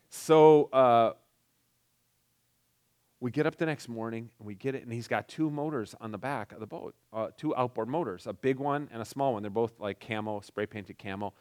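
A man's voice: medium pitch, darkish tone. Middle-aged man, mid-range voice, casual storyteller who stumbles and restarts as he goes. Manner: halting, many restarts and "like" fillers.

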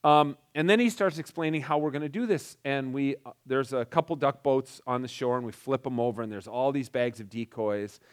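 Middle-aged guy telling a story, halting, lots of restarts and likes, mid pitch. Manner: halting, many restarts and "like" fillers. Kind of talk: casual personal storytelling.

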